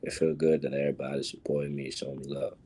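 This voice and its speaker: Very deep-voiced teen boy, husky. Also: level tone, fast talker, dark tone. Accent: New Orleans. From New Orleans. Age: teens. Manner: laid-back, short answers. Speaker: basketball recruit. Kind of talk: casual interview answers.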